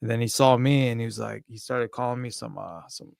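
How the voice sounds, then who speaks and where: A man with a mid-range voice tells a street story in a relaxed podcast chat. He swears freely and swings between loud bursts and mutters. The recording is close and dry. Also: medium pitch, a little fast, creaky, no room sound. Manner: animated, profane storyteller, swings loud and soft. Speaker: podcast co-host. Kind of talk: casual chat.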